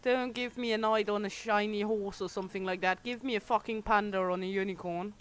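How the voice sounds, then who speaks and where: A woman's voice: mid-range voice, fairly even intonation, fairly quick. A young adult woman, a native Danish speaker, chatting casually with viewers on a game livestream, playful and bawdy, swearing freely and laughing often. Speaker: game streamer.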